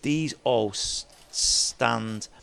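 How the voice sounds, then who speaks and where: A man, a DJ guest, telling lively stories in a chat and mimicking other people's voices as he goes. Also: medium pitch, drawn-out words, gravelly. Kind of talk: animated storytelling chat.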